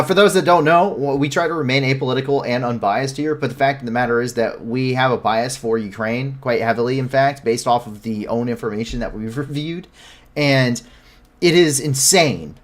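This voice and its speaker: A man hosting a live news show, giving commentary with frequent self-corrections and blunt, incredulous asides. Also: mid-range voice.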